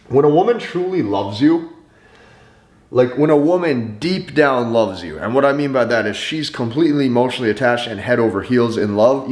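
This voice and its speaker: A man's voice: mid-range voice, darkish tone, echoey room. A man giving dating advice straight to the camera, emphatic, repeating his key points and often restarting sentences. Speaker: dating coach. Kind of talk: direct-to-camera advice monologue.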